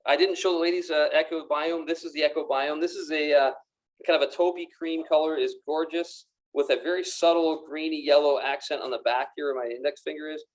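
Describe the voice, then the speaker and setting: A man's voice: a little high, fairly even intonation, a little fast, rough recording. A man presenting golf gear in a pro shop, upbeat and gushing, with frequent fillers and restarts. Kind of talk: live product demonstration. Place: golf club pro shop with racks behind.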